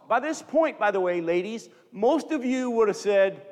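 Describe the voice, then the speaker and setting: High-voiced male preacher in a reverberant hall. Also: normal speed, hardly any pauses. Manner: animated, acts out scripture quotes for the congregation. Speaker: pastor. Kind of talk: sermon.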